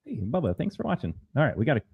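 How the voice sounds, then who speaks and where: A man's voice: medium pitch, huge pitch swings, racing, creaky, slightly rough. Emphatic man, dull lo-fi stream audio. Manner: emphatic, argumentative. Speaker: co-host. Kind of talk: political commentary show.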